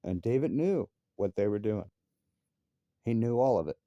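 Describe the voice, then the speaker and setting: In a muffled recording with no room sound, a man with a warm, lowish, animated voice speaks at normal speed. He is a father in a heated personal rant about his family, cursing heavily as his voice surges into angry outbursts.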